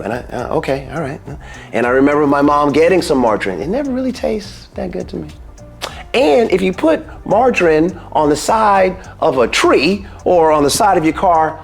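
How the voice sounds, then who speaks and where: A mid-pitched man hosting a casual health video, talking in a folksy, animated way and jumping up in pitch when he stresses a point. Joking asides break up the advice. Faint music plays underneath. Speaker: dentist giving health advice.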